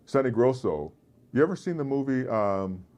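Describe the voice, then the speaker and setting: Deep resonant male actor, lively storyteller, festival interview guest. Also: normal speed. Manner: animated storyteller, slips into voices. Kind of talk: casual interview chat. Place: festival convention floor.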